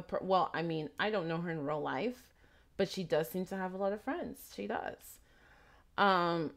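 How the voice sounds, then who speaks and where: A woman talking casually and reflectively in a vlog, with a slight trace of a foreign accent, rambling through asides and questions. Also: lowish voice. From immigrant raised in Texas. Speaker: vlogger.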